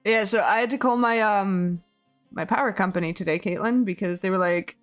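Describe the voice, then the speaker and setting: A hoarse woman streamer chatting casually with her viewers, rambling, laughing often and swearing freely. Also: mid-range voice, brisk, faint music behind. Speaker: game streamer. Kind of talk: casual chat with viewers while building.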